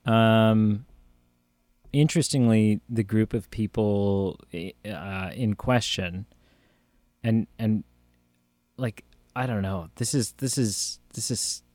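A man's voice: on the low side, slow pace, a little mellow, no echo. A man co-hosting a podcast in casual chat, jokey and rambling, often trailing off and restarting. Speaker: podcast co-host. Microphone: phone that cuts out.

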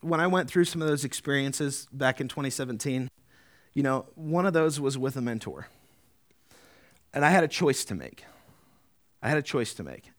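A man preaching a sermon as pastor, earnest, often adding tag questions, slowing down to read deliberately. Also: mid-range voice. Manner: earnest, rising to emphatic peaks, slowing to deliberate reading.

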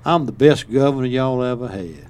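A man's voice: mid-range voice, animated, a little mellow, natural voice. A man doing a drunk, boastful old governor. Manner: slow, slurred, stumbling speech. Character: drunk older male Southern governor, boastful, rambling.

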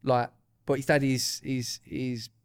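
A man's voice: medium pitch, flat delivery, unhurried, clean tone. A young man co-hosting a podcast, chatty and hedging, swearing now and then in casual banter. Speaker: podcast co-host.

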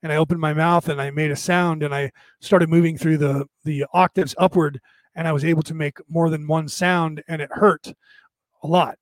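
A man hosting a show, talking casually to his listeners in a halting way, with restarts and repeated words. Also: a little high, fairly even intonation, no room sound. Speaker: show host. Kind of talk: casual solo talk to listeners.

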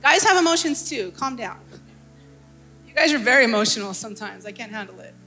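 A woman's voice: fairly high pitch, expressive, brisk, bright, forceful tone, faint music behind. A young adult woman pastor preaching a sermon, passionate and rising to fervent exclaiming.

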